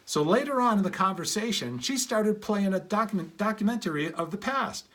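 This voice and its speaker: A man's voice: lively intonation, a little fast, fairly bright tone. A middle-aged man giving an earnest motivational talk, telling stories and acting out quoted lines of dialogue. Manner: earnest, shifts pitch to act out quoted dialogue. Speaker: speaker.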